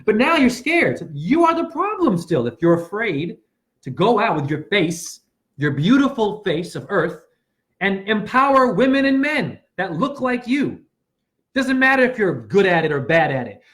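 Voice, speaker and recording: On a livestream, a man styling himself a spiritual teacher preaches in a meandering monologue, alternating between yelling and mumbling and leaning on loose wordplay. His high voice swings widely in pitch at a normal pace.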